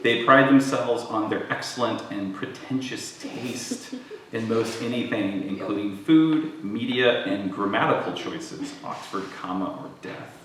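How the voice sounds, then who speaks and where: A man's voice: lowish voice, unhurried, fairly bright tone, a little hiss or hum. Man, professor, humorous introduction, frequent laughs, distant mic, echoey hall recording. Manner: joking, chuckles often, many ums. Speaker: creative writing professor introducing a reader. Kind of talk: warm humorous introduction at a live reading. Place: event hall with audience.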